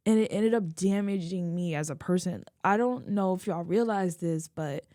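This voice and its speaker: A young woman, a video creator, talking through tears in a halting, emotional confessional vlog. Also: on the low side, dark tone, no room sound, clean studio sound. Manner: tearful, halting, many restarts. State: crying.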